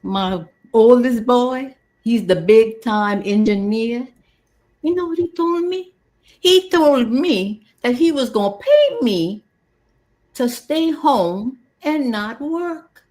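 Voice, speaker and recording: A woman's voice: a little high, animated, darkish tone. A woman performing a kind, folksy older Cajun woman who cleans a dormitory, in a theatrical character monologue with a Cajun Louisiana accent. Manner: folksy, chatty, drawn-out storytelling.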